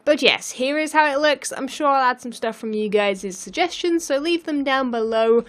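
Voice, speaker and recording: A woman with a slightly hoarse morning voice, chatting casually while commentating on her gameplay. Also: high voice, moderate pace. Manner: chatty, rambling with restarts. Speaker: Let's Play host.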